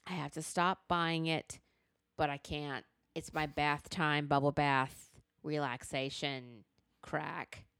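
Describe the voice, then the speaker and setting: Woman podcast host, casual chat, frank and animated; low-ish voice with fry, clean dry recording. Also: takes it slowly, no echo. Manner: animated, frank, uses y'all and slang. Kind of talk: casual chat, recommending shows.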